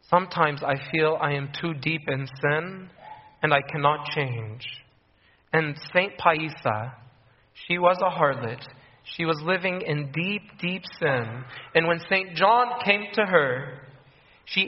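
A man preaching a sermon, earnest, repeating key phrases and acting out the voices of people in his stories. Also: a little high. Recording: echoey room, dull lo-fi sound.

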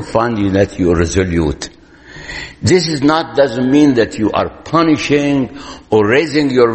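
A man giving parenting advice in a lecture-style talk, speaking slowly and deliberately and repeating key points for emphasis. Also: mid-range voice, darkish tone. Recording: long hall reverb.

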